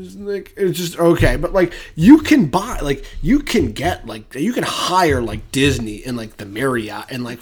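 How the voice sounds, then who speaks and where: A man's voice: mid-range voice, breathy edge. A man co-hosting a casual podcast, rambling with lots of fillers. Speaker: podcast co-host. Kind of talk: casual chat.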